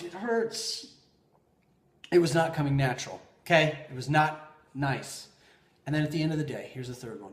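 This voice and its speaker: A man hosting a podcast, telling personal stories in an animated way, swinging between loud bursts and quiet asides. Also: a little high. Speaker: podcast host. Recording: roomy echo.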